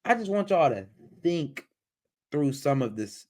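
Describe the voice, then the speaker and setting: A man's voice: fairly high pitch, very animated, measured pace, a little mellow. A man hosting a livestream who reacts to a video in casual, exasperated commentary. He talks in a way, repeats phrases and mocks the voices he quotes.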